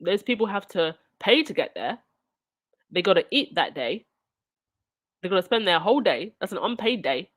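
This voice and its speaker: A woman hosts her own channel, reading news items aloud in a plain mid-range voice. She keeps breaking off into sarcastic, indignant commentary. Her delivery moves between steady reading and pointed rhetorical questions. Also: medium pitch, normal speed, long pauses.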